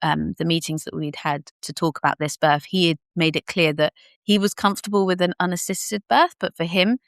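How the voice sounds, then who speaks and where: Podcast guest: young woman, low-pitched, dry close sound, candid and animated storyteller who slips into quoted voices. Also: brisk, no echo. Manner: animated storyteller who acts out what people said; candid, casual, occasional swearing. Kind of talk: personal birth story told in conversation.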